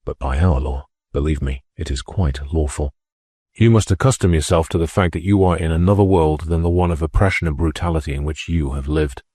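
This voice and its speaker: A man reading an audiobook, voicing a gentle, polite male revolutionary who speaks low and quietly with a foreign accent. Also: fairly quick, husky, no echo, clean studio sound. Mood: quiet, firm. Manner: low, quiet, soft-spoken.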